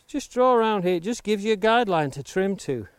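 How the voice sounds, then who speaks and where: A man's voice: high voice, lively intonation, fairly quick, no room sound. A man teaching how to shape a wooden blank with an axe, explaining each step and stressing safety, recorded outdoors near the coast. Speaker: woodcarving instructor. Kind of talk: hands-on demonstration tutorial. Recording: clear background noise of chopping and clicks. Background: axe chops and clicks.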